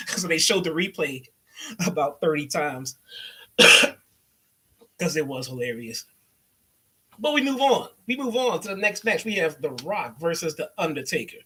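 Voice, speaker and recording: A man's voice: a little high, expressive, normal speed, sharp tone, slightly rough. A young adult man from the Chicago area giving a loose, sarcastic and profane wrestling review. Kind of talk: casual profane recap.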